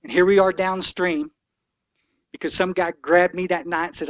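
A man's voice: high voice, steady tone, normal speed, a bit bright, dry recording. A man in his sixties giving an impassioned, folksy talk to a recovery meeting, preachy and blunt.

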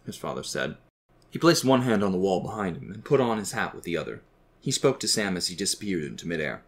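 A man narrating a scripted fantasy story with a steady, expressive reading. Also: low voice, a little fast.

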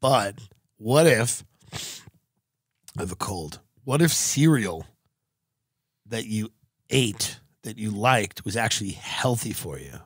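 A man hosting a podcast, doing a profane, deadpan comedic ad read that swings into shouted rants. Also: fairly low pitch, slow pace, long pauses, husky, no room sound, studio quality. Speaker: podcast host reading ads.

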